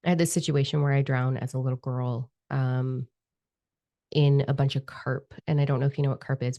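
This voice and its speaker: Woman vlogger, low voice with fry, casual self-mocking storyteller. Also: little pitch movement, a little fast, dark tone, dry recording. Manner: chatty, self-deprecating, laughs often. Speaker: spiritual vlogger.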